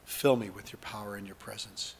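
A man preaching and leading the listeners in an earnest spoken prayer, moving between hushed lines and fervent ones. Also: on the low side, fairly even intonation, brisk, creaky, long reverb tail, slight background noise. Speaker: pastor.

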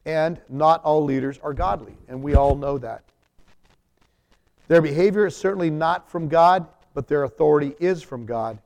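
A man preaching a sermon from the pulpit, his voice a bit higher than most men's. He reads scripture aloud, then explains it in plain talk, swinging from emphatic bursts to soft, low asides. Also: moderate pace. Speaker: pastor.

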